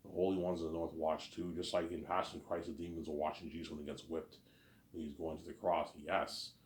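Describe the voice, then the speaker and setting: A man's voice: a bass voice, little pitch movement, fairly quick. A man rambling on in a casual monologue, repeating and restarting his phrases. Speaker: vlogger. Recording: echoey room.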